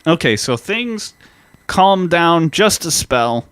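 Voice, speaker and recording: Smooth-voiced male podcast co-host. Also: on the high side, sing-song, slow, fairly bright tone, no room sound. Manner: casual, swears freely, explains step by step. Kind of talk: casual history podcast chat.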